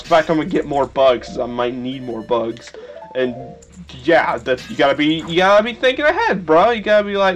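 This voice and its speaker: Rambling, jokey young man with lively pitch. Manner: rambling, jokey, excitable yelps. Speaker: let's play host. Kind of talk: casual gameplay commentary. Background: faint video game music.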